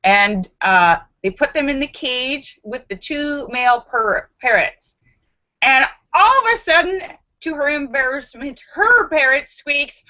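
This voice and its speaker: A woman's voice: sits high, animated, a little slow, sharp tone, muffled recording. A woman hosting a live stream, chatty, greeting viewers by name and reading out their jokes.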